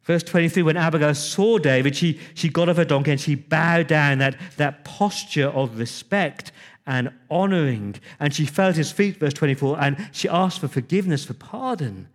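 A man's voice: fairly high pitch, normal speed. A man preaching a sermon, retelling scripture conversationally with emphatic repetition.

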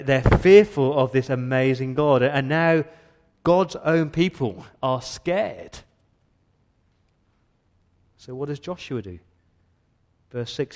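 A man's voice: mid-range voice, a little mellow. A male pastor preaching an earnest, emphatic sermon in a church, often repeating words as he builds his point.

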